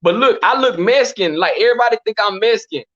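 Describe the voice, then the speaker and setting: A Texan man with a high, bright voice tells prison stories as a guest in a casual storytelling interview, talking fast. He's animated and slangy and keeps repeating "you know what I'm saying." The sound is muffled and lo-fi.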